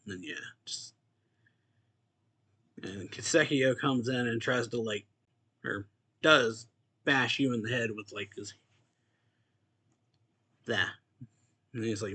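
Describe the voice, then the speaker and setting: Young male host, bright and forceful voice, loose rambling manga recap full of fillers. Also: mid-range voice, slow pace, long pauses. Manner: loose, rambling, full of "like" and soft laughs, reads quotes aloud. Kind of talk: casual manga chapter recap.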